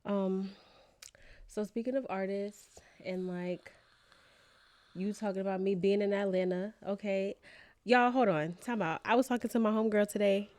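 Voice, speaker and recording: A woman from New York with a New York accent, co-hosting a podcast in casual, animated, slangy chat. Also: medium pitch, normal speed. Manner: chatty, animated storyteller with slang. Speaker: podcast co-host. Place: lives in Atlanta.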